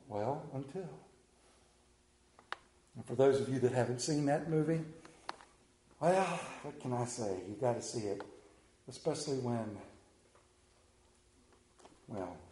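A man preaching a sermon through animated storytelling, dropping to a hushed voice for emphasis. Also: mid-range voice, echoey room, a little hiss or hum, rough recording.

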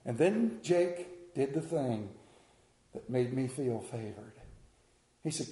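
A man telling a folksy story with a dramatic, drawn-out delivery and slowed emphasis. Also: medium pitch, expressive, mellow. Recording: roomy echo.

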